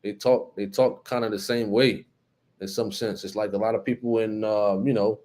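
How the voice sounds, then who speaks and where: A man from New Jersey, with the accent to match, hosts a casual live-stream chat, reading viewer comments aloud and greeting people by name. His voice sits on the low side, steady and a little mellow, at a moderate pace. He's laid-back and uses lots of fillers.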